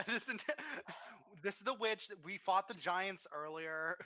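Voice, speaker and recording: Tabletop player, bright and tense voice, excitable, swears freely. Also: mid-range voice, highs cut off. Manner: excitable, swearing, quick to laugh. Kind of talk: casual chat at a game table.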